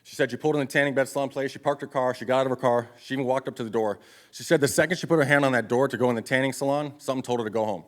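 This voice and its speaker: A man's voice: mid-range voice, rapid-fire. A man in his thirties giving a live motivational speech to an audience, telling his life story in a blunt, profane, confessional way. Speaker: motivational speaker. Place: event stage before an audience.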